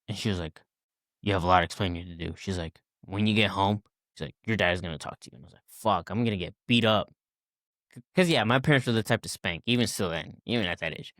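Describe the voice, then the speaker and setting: Man, twenties, podcast guest, lively storyteller, low voice, dry close sound. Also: quick pace, no echo. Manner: animated, acts out quoted people, many fillers and restarts. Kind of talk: casual storytelling chat.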